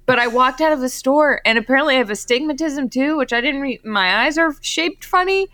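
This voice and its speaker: A woman in her thirties, a podcast guest, telling a lively story and acting out her own and others' lines. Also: high voice, brisk, no echo, studio quality. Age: 30s. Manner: animated storytelling, quotes herself and others with a laugh. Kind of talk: casual podcast chat.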